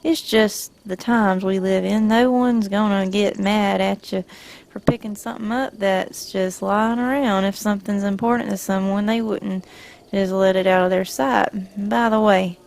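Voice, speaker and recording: A woman's voice: mid-range voice, fairly even intonation, moderate pace, gravelly, darkish tone, natural voice. A woman from Georgia voicing a friendly country male traveling merchant in a video game, with a folksy Southern drawl.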